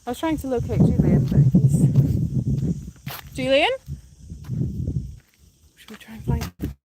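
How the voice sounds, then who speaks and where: Chatty woman live-streaming outdoors in loud wind. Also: on the high side, lively intonation, unhurried. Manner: chatty, laughs often, breaks off to talk to animals. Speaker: host of an animal sanctuary live stream. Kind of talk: casual live-stream chat. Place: outdoors at a rural animal sanctuary, windy. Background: wind and animals.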